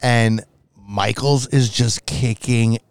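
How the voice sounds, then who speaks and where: A man co-hosting a podcast, telling a wrestling match play by play in a profane, excitable way. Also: medium pitch, takes it slowly, clean tone, dry recording. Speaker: podcast co-host. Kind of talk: casual wrestling recap chat.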